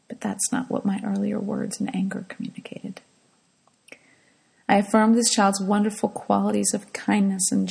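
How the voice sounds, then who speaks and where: A middle-aged woman telling a personal devotional story in a soft, hushed way that often drops to a whisper. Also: medium pitch, creaky, slightly rough, rough recording.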